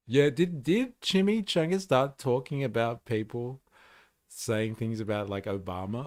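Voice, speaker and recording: A man's voice: medium pitch, lively intonation, unhurried, a little mellow, no room sound. A man hosting a live stream, commenting casually with sarcasm, swearing, and frequent laughter. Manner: sarcastic, profane, laughs often.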